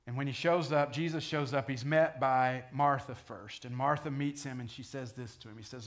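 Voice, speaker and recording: A male pastor gives a sermon in a conversational tone, talking straight to his listeners. His voice sits at an ordinary middle pitch, and he lifts it loudly for the dramatic scripture quotes. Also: fairly even intonation, moderate pace, few pauses. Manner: conversational preaching, rising to loud dramatic quotes.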